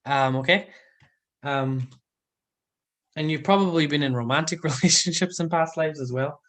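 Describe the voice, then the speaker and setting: Chatty live host, giggles a lot, lots of ums, mid pitch. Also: normal speed, fairly bright tone. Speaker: livestream host. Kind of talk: casual live chat reading viewer comments.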